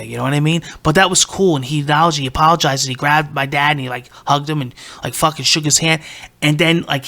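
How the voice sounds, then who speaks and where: Male podcast host, 30s, bright gravelly voice, swears constantly and rambles as he tells a story. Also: a little high. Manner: profane, excitable, rambling. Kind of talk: casual storytelling.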